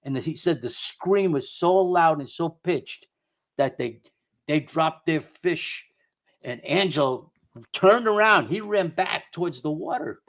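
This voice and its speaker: Slowly and with lively intonation, a middle-aged paranormal investigator guest rambles through a story, frequently circling back to repeat or restart what he's saying. His voice is a little high.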